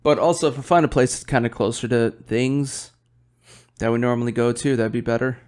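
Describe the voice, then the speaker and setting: A young man hosts his own podcast, rambling casually over a beer, swearing often and yawning. His mid-range voice is steady and darkish, and he talks fairly quickly.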